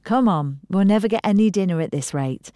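A woman's voice: mid-range voice, expressive, fairly quick, dark tone, no echo, voice pushed up, close to an everyday voice. A woman reading an audiobook voices a woman hosting Christmas dinner, wry and bossy, close to her own voice.

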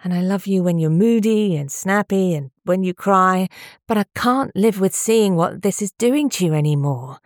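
A woman's voice: mid-range voice, expressive, normal speed, darkish tone, no room sound, clean studio sound, natural voice. A woman reading aloud, voicing a weary husband who speaks dully and sighs in a storybook. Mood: tired pleading. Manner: tired, dull, sighing. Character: weary, gentle husband worn down by IVF. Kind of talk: audiobook character voice.

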